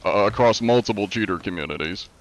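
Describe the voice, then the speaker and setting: A man's voice: on the low side, fast, dull audio. A young man streaming live, chatting casually and answering chat with a laid-back, rambling manner, his nose congested from allergies.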